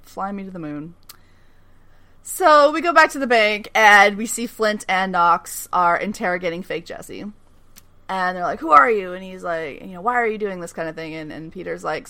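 A woman's voice: mid-range voice, normal speed, sharp tone. A woman casually recapping a TV episode as a podcast host, laughing often, swearing, and acting out quotes.

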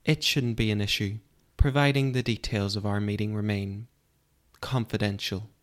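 A man voicing an elegant, mysterious man with a rich, elegant foreign accent, speaking with measured, formal courtesy. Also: lowish voice, steady tone, lightly acted. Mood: courteous.

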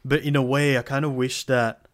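Young guy rambling about a game, lots of "like", mid pitch voice. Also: normal speed. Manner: rambling, relaxed, lots of fillers like "like". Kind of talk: casual gaming chat.

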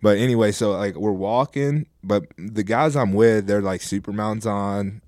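A man's voice: lowish voice, normal speed, darkish tone, no echo, clean studio sound. A young man telling a rambling story in a casual podcast chat, full of "like" and laughter. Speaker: podcast guest.

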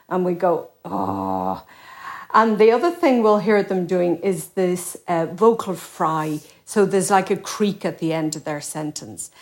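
A middle-aged Irish woman, a professor guest, explaining things quickly with plenty of examples. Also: lowish voice. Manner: quick, expository, uses examples. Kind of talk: explanatory interview talk.

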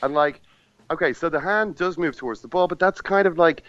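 A man on a football podcast, chatting casually and acting out players and the referee in quick asides. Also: fairly high pitch, a bit bright, no echo, highs cut off. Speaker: football pundit at the final.

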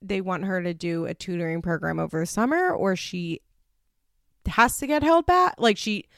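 A woman hosts a laid-back recap chat from her home, rambling with plenty of "like" fillers and the odd swear word. Her voice has a strong gravelly fry at the ends of her phrases. The sound is dry and close, with no room echo. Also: lowish voice, moderate pace. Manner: chatty, swearing, frequent "like" fillers and laughs. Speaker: podcast host recapping a reality show. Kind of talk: casual chat.

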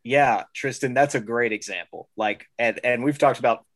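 A man co-hosting a casual discussion, telling stories in an animated way and laughing as he talks. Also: mid-range voice, moderate pace, no room sound. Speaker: podcast co-host.

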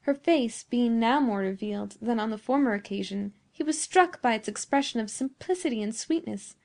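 A woman reading a classic story aloud in a measured, formal narration. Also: on the high side, lively intonation, creaky, a little mellow. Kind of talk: scripted narration.

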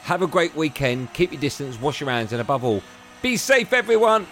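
A man's voice: mid-range voice, fairly quick, a bit bright. Chatty male radio host. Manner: jokey, chatty. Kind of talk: casual radio chat.

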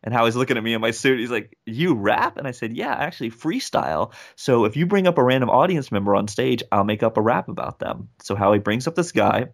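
A man's voice: medium pitch, quick pace, creaky, few pauses. A young man, a rapper, telling a story in a casual interview and acting out the people in it. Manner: animated, acts out quoted voices. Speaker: guest, rapper and speaker.

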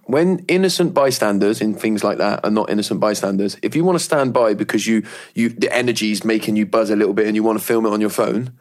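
A man in a casual podcast chat, telling stories and giving firm opinions. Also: fairly low pitch. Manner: quick, opinionated storyteller. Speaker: podcast co-host.

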